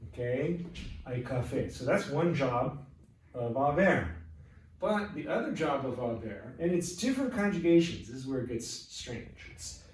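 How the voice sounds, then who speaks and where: A man's voice: medium pitch, big pitch swings, unhurried. A middle-aged man teaching a Spanish grammar lesson, explaining patiently step by step and checking that his students follow. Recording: echoey room from far off.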